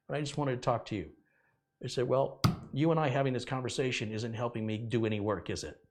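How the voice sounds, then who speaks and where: A man's voice: on the low side, fast talker. A middle-aged man hosting a tech video, casually telling a story from his working life and acting out the dialogue with laughs. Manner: animated, acts out quoted dialogue with laughs.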